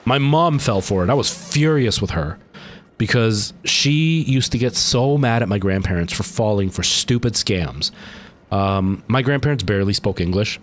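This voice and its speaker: Slight background noise accompanies a Canadian man streaming a game live, speaking at normal speed in a lowish voice with lively intonation. Sounding tired, he rambles and chats casually with his viewers as he plays.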